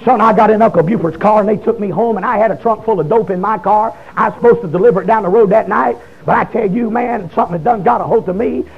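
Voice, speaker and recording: A man, preaching a testimony sermon in a folksy storytelling way that breaks into shouting. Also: high-pitched, fast talker, creaky, hardly any pauses. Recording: dull lo-fi recording.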